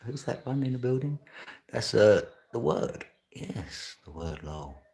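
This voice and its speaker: A man's voice: medium pitch, very animated, a little slow, vocal fry, a little mellow. Laughing, chatty man on a live stream. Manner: laughs often, chatty, slangy. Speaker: livestreamer. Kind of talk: casual live stream chat.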